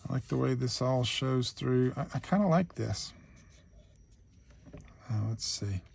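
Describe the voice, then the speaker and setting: A man's voice: medium pitch, animated, unhurried, creaky, darkish tone, slightly rough. A man hosting a real-time craft tutorial, chatting easygoing as he thinks aloud through each step.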